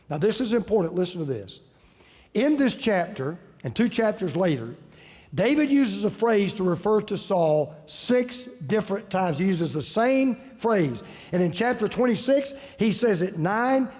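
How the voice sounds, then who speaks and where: A man delivers a sermon from the pulpit, speaking high in his register. He tells stories in an easy, conversational way and hammers his points by repeating phrases. His voice carries through a sanctuary with a long, lingering reverb. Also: darkish tone. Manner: conversational storytelling, repeats key phrases for emphasis. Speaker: pastor.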